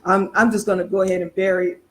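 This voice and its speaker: Woman doing a resigned farmer, low and grumbling. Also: flat delivery, fast, fairly bright tone, close to an everyday voice, poor audio. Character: frustrated male farmer giving up.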